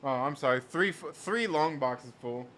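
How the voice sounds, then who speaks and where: A man hosts a casual livestream, reading chat messages out loud and riffing on them while rambling, repeating himself, and laughing a lot. His medium-pitched voice is animated and fairly bright, at a moderate pace, with a slight hiss or hum on the audio.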